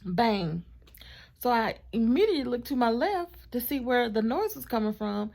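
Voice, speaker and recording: A woman vlogger telling a storytime in a chatty, animated way, with asides to her partner off camera. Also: a little high, moderate pace, creaky. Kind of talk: casual storytime vlog.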